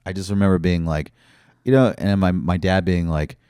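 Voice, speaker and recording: A man talks in a very low, deep register. He rambles through stories on a casual podcast, swearing freely as he goes. The sound is close and dry, with no room around it. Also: steady tone, normal speed, warm tone, clear, resonant tone, dry recording. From Brooklyn, New York. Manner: profane, rambling storyteller. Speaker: comedian guest.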